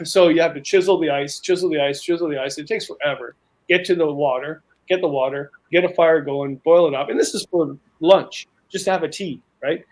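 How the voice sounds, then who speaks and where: A man's voice: fairly high pitch, fairly quick, a little mellow, rough recording. A man telling long, rambling outdoor stories in a casual panel chat, with frequent restarts. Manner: rambling storyteller, many restarts.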